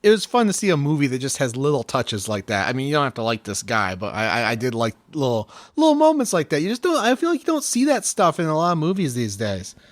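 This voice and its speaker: A man's voice: on the high side, wildly swooping pitch, fast, hardly any pauses, dry recording. A man co-hosting a podcast, talking hesitantly and searching for his words. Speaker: podcast co-host. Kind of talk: casual podcast chat.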